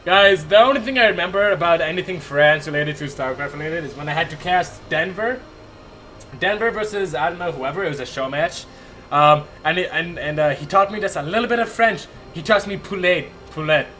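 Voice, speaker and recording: A young man casting a strategy game live from his home attic, excitable, laughing often and chatting with his viewers. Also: a little high, fairly quick. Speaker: esports caster. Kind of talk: live game commentary with chat banter.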